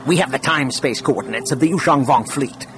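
A man's voice: medium pitch, fairly quick, background noise, close to an everyday voice. A man voicing a wild-eyed, scheming man who presses his point urgently.

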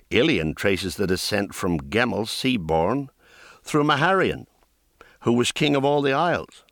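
A man's voice: deep voice, fairly bright tone, no room sound, studio quality, full character voice. A man doing a proud earnest young prince.

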